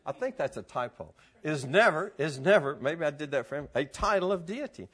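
Excitable man teaching with a lively high voice. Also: moderate pace, slightly rough. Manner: excitable, laughs often, exclaims. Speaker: Bible teacher. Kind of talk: animated teaching to a live group.

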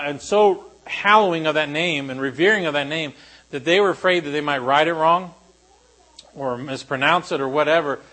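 A male pastor preaching a sermon to a congregation, shifting between animated emphasis and quiet, solemn lines. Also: fairly high pitch, rough recording.

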